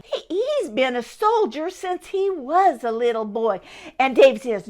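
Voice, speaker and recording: An older woman, telling a Bible story for children in a homespun, animated way. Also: high voice, unhurried. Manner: homespun, animated, acts out the characters.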